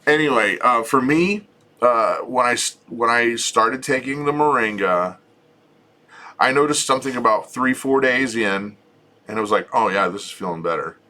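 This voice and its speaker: A man's voice: mid-range voice, normal speed. A middle-aged man co-hosting a homesteading channel, chatting casually and jokingly with viewers. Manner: chatty, relaxed, joking, frequent restarts.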